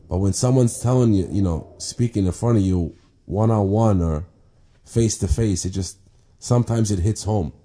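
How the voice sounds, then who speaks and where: A man casually telling a personal faith story, talking haltingly with restarts, repeated words and many fillers. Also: lowish voice, warm tone. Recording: clear background ambience noise.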